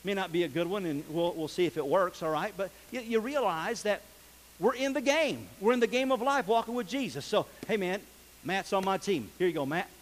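Man preaching, high voice, folksy and animated, long hall reverb. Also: a little fast. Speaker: pastor. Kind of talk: sermon.

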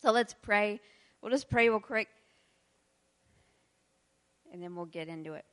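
Woman in her thirties, pastor's wife, casual chatty preaching, quick laughs. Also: medium pitch, fairly bright tone. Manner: chatty, laughs often, leads prayer. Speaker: pastor's wife leading a church service. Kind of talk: casual sermon.

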